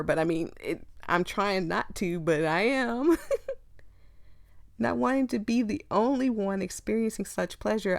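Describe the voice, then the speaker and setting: A woman's voice: fairly low pitch, gravelly, a little mellow, no echo, studio quality. A young woman reading a visual novel aloud with her own commentary, often breaking into giggles. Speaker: gaming video creator.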